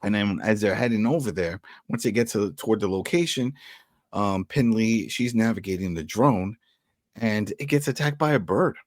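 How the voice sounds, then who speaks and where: Deep-voiced man in casual recap chat. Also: normal speed, no echo, clean studio sound. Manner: animated, retells scenes in bursts with restarts. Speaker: podcast co-host.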